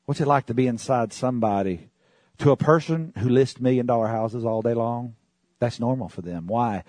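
A male preacher with a husky, slightly rough voice delivers a sermon, his pitch often leaping up into excited, high exclamations. The sound is dry and close, with almost no room around it. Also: normal speed, no room sound.

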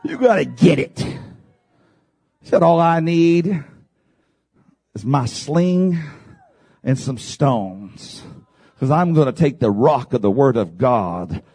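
A man preaching a fervent sermon, building to shouted climaxes and dropping into dramatic pauses. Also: medium pitch, lively intonation, breathy edge.

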